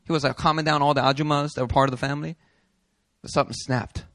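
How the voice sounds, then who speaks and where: A pastor telling a story from the pulpit, bright and forceful in tone and fairly high for a man. He acts out each person he quotes with real energy. The sound is dry and close. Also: steady tone, fast talker, no room sound. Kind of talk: sermon with storytelling. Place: church hall.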